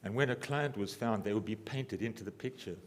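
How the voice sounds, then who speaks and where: A man giving a symposium lecture, halting and restarting often, with dry humor. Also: lowish voice, big-room sound, slight background noise. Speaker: lecturer, architect. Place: lecture hall.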